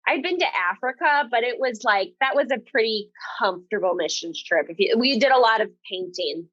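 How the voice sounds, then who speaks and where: A woman in her twenties, a podcast guest, telling a personal story in an earnest, animated way and laughing often. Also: on the high side, a little fast, no echo, muffled recording. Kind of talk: casual conversational interview.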